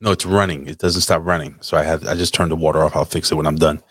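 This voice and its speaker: A man's voice: rumbling low, steady tone, fast talker, a bit bright, slightly rough, no room sound. A young man on a podcast, telling a rambling, profane story in casual chat. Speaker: podcast host.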